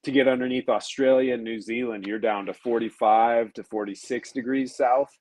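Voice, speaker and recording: A man who races sailboats, talking through ocean routes in a relaxed, thoughtful way with frequent pauses. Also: mid-range voice, dry recording. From United States. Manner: explanatory, thoughtful, with frequent ums. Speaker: professional racing sailor guest. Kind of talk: relaxed conversational podcast chat.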